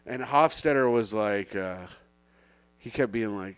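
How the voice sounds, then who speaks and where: A man's voice: fairly low pitch, measured pace, fairly bright tone, smooth, dry recording. A man co-hosting a comedy podcast, bragging and trading mock insults in a casual, jokey way. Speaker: podcast co-host.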